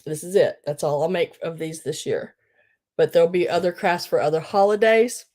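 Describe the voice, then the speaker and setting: A woman hosting a live online sale, tearful and crying as she talks, emotional and grateful, halting between her words. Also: fairly low pitch, a little mellow. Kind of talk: live-streamed auction chat.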